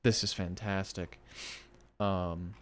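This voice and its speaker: A man with a fairly low voice reads horror stories aloud for his podcast. Between stories he drops into eager, chatty asides aimed at his listeners. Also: little pitch movement, slow pace.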